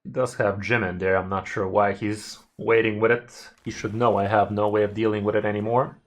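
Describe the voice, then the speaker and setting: A man's voice: fairly low pitch, level tone, brisk. A man streaming a card game, giving casual commentary and chatting loosely with his viewers, with some mild swearing.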